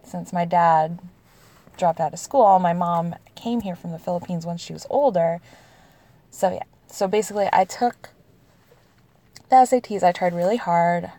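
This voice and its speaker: Her voice is on the low side and dark, at a moderate pace broken by long pauses. A woman in her thirties from the United States, she answers questions by telling casual confessional stories, chatting, laughing often, and saying "like" a lot.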